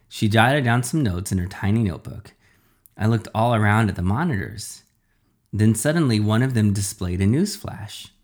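A man's voice: fairly low pitch, expressive, normal speed, a little mellow. A man reading a first-person children's story aloud.

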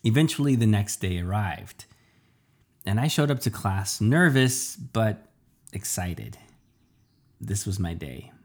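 A man narrating a comic first-person story in a deadpan, self-deprecating way, now and then stammering. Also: fairly low pitch, slow pace, pauses often.

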